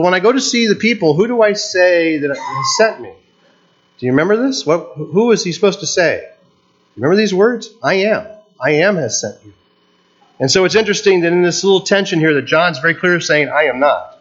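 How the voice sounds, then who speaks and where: A man whose first language is not English preaches a sermon in an earnest, teaching tone, often pausing and restarting his sentences. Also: fairly high pitch, fairly bright tone, lo-fi sound. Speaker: pastor.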